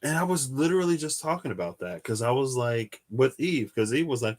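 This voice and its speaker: A man's voice: medium pitch, animated, fairly quick, a little mellow. A tired young man chatting casually as he reads tarot, musing aloud and trailing off with sighs. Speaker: tarot reader. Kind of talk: casual solo tarot livestream.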